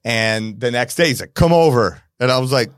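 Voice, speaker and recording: A man guesting on a podcast, telling a story in a lively way and acting out the lines of the people in it. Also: brisk, clear, resonant tone, dry recording, studio quality. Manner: animated storyteller, acts out quotes with jumps in pitch. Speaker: DJ and producer guest. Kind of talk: casual podcast interview storytelling.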